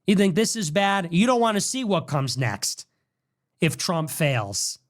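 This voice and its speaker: A man's voice: high-pitched, big pitch swings, unhurried. A young man hosting a podcast, delivering a combative political monologue and repeating his ultimatums in a mocking tone. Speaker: podcast host.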